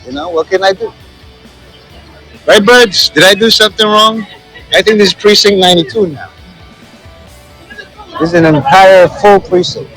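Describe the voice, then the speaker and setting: A man's voice: a little high, a bit bright, low-quality recording. Rambling joking man filming outdoors. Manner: rambling and joking, many fillers. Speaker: street vlogger. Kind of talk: casual walking commentary. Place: outdoor city plaza.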